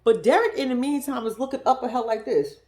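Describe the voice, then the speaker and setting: A woman's voice: fairly high pitch, fast. Blunt, profane woman recapping TV. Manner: blunt, profane, animated storytelling. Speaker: reality show commentator. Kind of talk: casual recap commentary.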